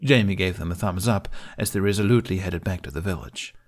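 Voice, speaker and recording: A man narrating fan fiction as an audiobook in a steady, emotional storytelling manner. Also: low voice, fast talker.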